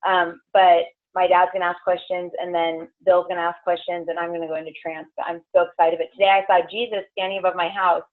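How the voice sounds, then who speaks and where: A woman's voice: on the low side, level tone, a little fast, hardly any pauses. A woman leading a meditation group, chatting in a rambling way full of fillers, then guiding the group through a grounding meditation. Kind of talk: casual chat and guided meditation. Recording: tinny phone-like lo-fi recording.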